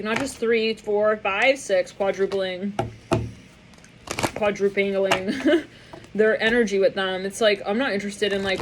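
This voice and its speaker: A woman talks through a tarot reading in a loose, rambling way, at a middle pitch. She scatters filler words and laughs, slipping into little voices for the people she imagines. Faint noise sits behind her. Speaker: tarot reader.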